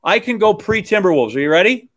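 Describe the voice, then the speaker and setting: A man with a slightly high voice co-hosting a relaxed chat. He jokes easily and answers with quick, short replies. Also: no echo. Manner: easygoing, joking, quick back-channel replies. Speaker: co-host. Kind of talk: casual chat.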